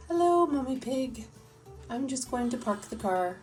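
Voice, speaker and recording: A woman narrates toy play for a little child in a lilting, up-and-down voice. She talks slowly and warmly clear, with faint music playing underneath. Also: sits high, sing-song, distant mic. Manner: sing-song, playful, does small character voices.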